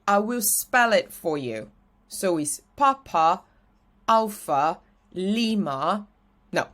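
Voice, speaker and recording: A young woman from Brazil with a Brazilian Portuguese accent, a native Portuguese speaker teaching an English lesson with slides and slowing down to spell letters out clearly. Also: medium pitch, fairly bright tone.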